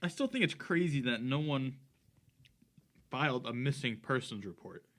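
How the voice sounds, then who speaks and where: A man's voice: medium pitch, lively intonation, moderate pace, fairly bright tone. A man co-hosting a casual podcast who chimes in short remarks and finishes his partner's sentences. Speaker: podcast co-host.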